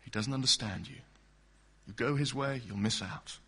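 A man's voice: medium pitch, moderate pace, pushed and bright, husky. A man preaching an expository sermon in an earnest, emphatic way, asking the congregation direct questions.

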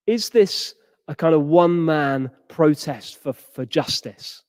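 Male preacher with a high voice giving a sermon, dry close sound, acts out the people in his story. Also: animated, slow pace, no room sound, in a large hall. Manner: acts out quoted characters with rising pitch.

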